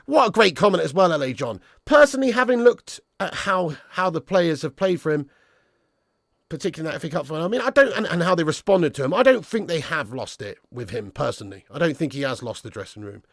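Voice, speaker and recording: Blunt, sweary live-stream host. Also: male voice, a little high, sing-song, fast, creaky, dry recording, clean studio sound. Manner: blunt, sweary, reads chat comments aloud. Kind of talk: casual live stream chat.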